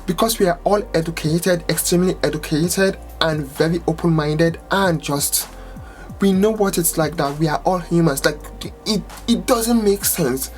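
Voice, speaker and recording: Woman vlogger, low-pitched, angry and exasperated, heated rant with faint music behind. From United States. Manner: angry, exasperated, swearing, rising to outbursts. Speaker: vlogger, salon owner. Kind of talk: impassioned personal rant to camera.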